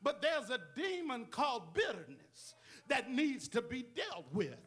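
A man's voice: very high voice, sing-song, measured pace, fairly bright tone, breathy edge. A male pastor preaching a sermon with call-and-response, repeated amens and rhetorical questions to the congregation.

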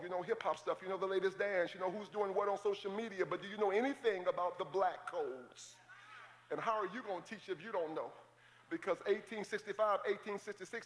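Male pastor with a high voice, preaching animatedly in a reverberant church. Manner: animated preaching, joking with the congregation. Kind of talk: sermon. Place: church sanctuary. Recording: reverberant church hall, faint ambience.

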